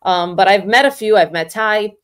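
A woman's voice: medium pitch, moderate pace, clean tone. A woman comedian and impressionist chatting casually as a podcast guest, snarky and self-assured, with lots of "you know" fillers.

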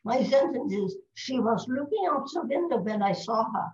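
Old lady doing a german-accented guy bossing you around, loud. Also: on the high side, expressive, moderate pace, natural voice. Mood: commanding. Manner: firm, instructing. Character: male German dialect coach, bossy and sure. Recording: roomy, slightly dull recording.

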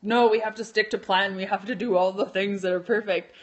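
A woman's voice: mid-range voice, fairly even intonation, fairly quick, dull audio, natural voice. A woman voicing a strict, insistent drill sergeant that lives in her head. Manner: rigid, insistent.

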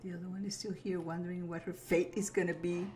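A woman gives easygoing running commentary on a video game, talking fast in a fairly low, level, slightly mellow voice with a bit of hiss or hum. She addresses herself as she plays and apologizes with little giggles; she creates gaming videos.

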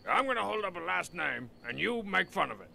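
A man's voice: sits high, sing-song, fairly quick, gravelly, over music, heavily acted. A man voicing a goofy quiz host who calls out silly names in game-show patter. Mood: playful. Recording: noisy clip audio.

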